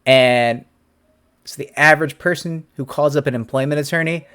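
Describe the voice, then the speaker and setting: A man in his forties, an employment attorney, answering a viewer's question in a casual, animated talk to camera. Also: a little high, normal speed, smooth. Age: 40s. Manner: animated, conversational, acts out quotes.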